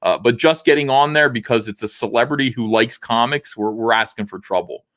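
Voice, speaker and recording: A man's voice: mid-range voice, a little fast, fairly bright tone, dry recording, studio quality. A man hosting a casual livestream, reading viewer comments aloud and answering them with frequent "uh" fillers. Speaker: livestream host reading chat.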